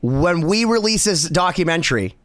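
A male podcast co-host in casual chat, filling in background with pauses and fillers. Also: on the high side, expressive, a bit bright, no room sound, clean studio sound. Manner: chatty, adds context with stops and fillers.

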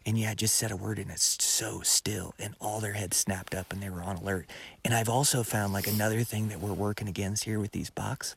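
A man talking casually to his viewers outdoors during a backcountry hunting trip, earnest and at times hushed. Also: fairly low pitch, fairly even intonation, fairly quick, vocal fry, husky. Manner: earnest, drops to a hushed near-whisper at times. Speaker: hunting vlogger. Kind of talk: casual chat to camera.

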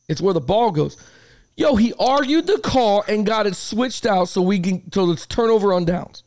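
A man's voice: sits high, normal speed, no room sound. A man hosting a casual sports podcast, telling stories with lots of swearing and acting out the arguments. He is a youth football coach. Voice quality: gravelly. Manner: animated storyteller, swears a lot, acts out arguments. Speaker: podcast host.

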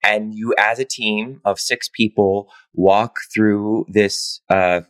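A man's voice: lowish voice, fairly even intonation, slow, a bit bright, dry recording. A man chatting as a guest co-host on a podcast, telling a story with plenty of ums and uhs. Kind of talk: casual podcast chat.

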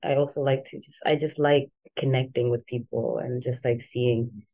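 Low-voiced South African woman. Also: moderate pace. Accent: South African, softened toward American. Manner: relaxed, rambling, many "like" fillers, laughs easily. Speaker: guest, musician. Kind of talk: casual interview chat.

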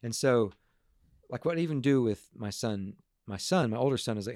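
A man speaking as a guest to a group, telling stories in an earnest, animated way and often restarting his words. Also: mid-range voice, fairly quick, dry recording, studio quality. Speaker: guest speaker on parenting and emotions. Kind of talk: casual storytelling talk to a group.

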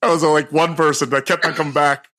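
A middle-aged man with a high-pitched voice hosts a loose podcast conversation. He tells stories in an animated way, jumps into loud acted-out quotes, and keeps laughing along. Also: fast. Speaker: podcast host. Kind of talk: casual chat.

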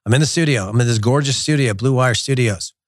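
A middle-aged man hosting a soccer show in a studio, talking in an animated, digressive and blunt way. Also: medium pitch, quick pace, dry recording. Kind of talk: casual opinionated talk. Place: glass-walled studio in a resort. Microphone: studio mic.

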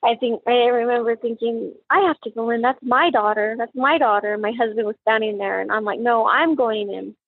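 A woman, a mother, recounting a personal tragedy in halting, emotional speech with many fillers and restarts. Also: on the high side, fairly even intonation, dry recording, phone-quality sound. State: tearful, emotional. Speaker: mother of a crime victim.

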